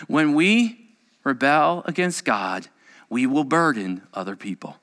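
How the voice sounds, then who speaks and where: A male pastor preaching a sermon dramatically, moving between loud urgency and hushed near-whispers. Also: mid-range voice, big pitch swings, measured pace, long reverb tail.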